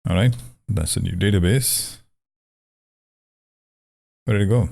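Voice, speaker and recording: Male tutor, very deep voice, conversational walkthrough, thinks aloud. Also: unhurried, vocal fry, a little mellow. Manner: wry, joking about pronunciation. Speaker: programming tutor. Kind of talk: casual screen-share coding walkthrough.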